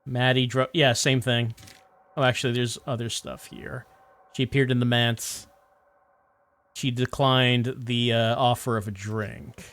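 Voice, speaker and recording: A man's voice: mid-range voice, flat delivery, unhurried, a bit bright. Man, game streamer, casual chat, musing, reads aloud.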